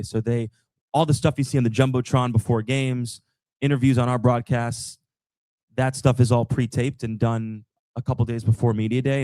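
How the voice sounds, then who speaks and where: A young man's mid-pitched voice in a live podcast conversation, close and dry with little room around it. He grew up near Boston but has no accent. He tells stories with animated energy and breaks down the game like the analyst he is. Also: no echo. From Boston area. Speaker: team TV analyst, guest. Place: live show with audience.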